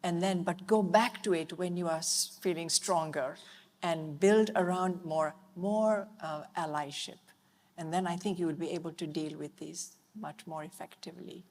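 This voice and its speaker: Reflective woman panelist, lowish voice. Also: fairly even intonation, a little mellow. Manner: reflective, measured, some hesitation. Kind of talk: panel discussion answer. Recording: reverberant conference hall.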